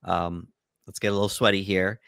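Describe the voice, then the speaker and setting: Low, smooth-voiced man recapping a film. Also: moderate pace, no echo, clean studio sound. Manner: steady recapping with frequent fillers. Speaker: podcast co-host. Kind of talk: casual movie breakdown chat.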